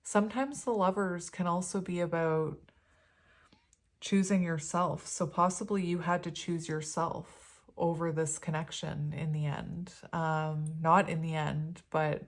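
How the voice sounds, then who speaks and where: A woman reading tarot cards for viewers, chatty and gushing, with many pauses and restarts. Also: lowish voice, steady tone. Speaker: tarot reader. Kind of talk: pick-a-card tarot reading.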